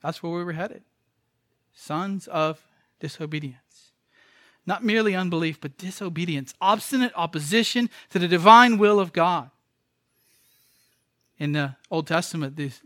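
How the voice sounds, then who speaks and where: High-voiced pastor preaching. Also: male voice, normal speed, pauses often, a bit bright, no room sound, clean studio sound. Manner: emphatic preaching with repetitions and rhetorical questions. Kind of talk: sermon.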